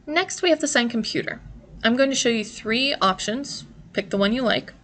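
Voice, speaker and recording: A woman's voice: on the high side, lively intonation, normal speed, fairly bright tone. Patient woman teaching a lesson. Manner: clear, patient, step-by-step. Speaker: sign language teacher. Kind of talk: instructional explanation.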